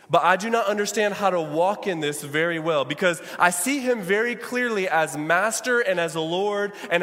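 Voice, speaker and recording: A man's voice: high voice, bright, forceful tone, long reverb tail. A man preaching a sermon as pastor, calling on his congregation to repeat lines after him. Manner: preaching with call-and-response to the congregation.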